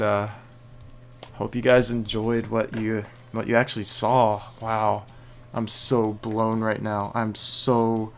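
A man hosting a gaming video, chatting to himself and his viewers while he plays. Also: medium pitch. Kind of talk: gameplay commentary.

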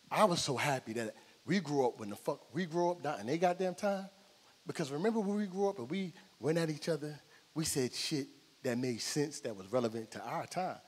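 On a comedy club stage before an audience, a middle-aged New Jersey comedian in a medium-pitched voice tells animated stories, performing both sides of every exchange. A long reverb tail follows his speech.

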